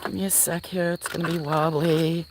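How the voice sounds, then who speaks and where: A woman's voice: low-pitched, level tone, moderate pace, background noise. A woman with a Southern US accent streaming live from a farm, chatting casually and cooing in baby talk to her cats while greeting viewers. She is outdoors at dusk, talking into a handheld phone. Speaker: farm livestreamer. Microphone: handheld phone while walking.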